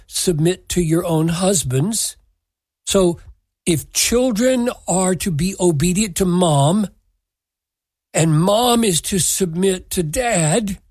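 Husky, unhurried Bible teacher; deliberate, emphatic delivery that quotes scripture verbatim. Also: mid-range voice, darkish tone, dry recording. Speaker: Bible teacher answering a listener question.

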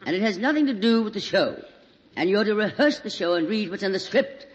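Theatrical woman host, lively and grand. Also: medium pitch, brisk, dull audio. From Alabama. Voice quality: theatrical and grand, calls everyone darling. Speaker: radio variety show host. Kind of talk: scripted radio comedy banter. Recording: hissy old radio broadcast, reverberant hall.

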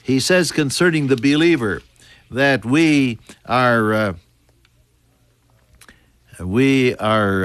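An older man preaching a sermon in an earnest storytelling manner, climbing high for emphasis and sinking to soft whispers. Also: extremely slow, pauses often, smooth, no echo, studio quality. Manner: earnest storytelling, pitch rising sharply on emphasis and dropping to near whispers.

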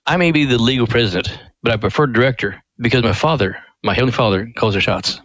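An older man recounts a family story as a radio guest, folksy and animated. He speaks at a mid pitch, and the sound is dry and close to the mic. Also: fast talker, no room sound, low-quality recording. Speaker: ministry president, guest. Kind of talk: storytelling interview.

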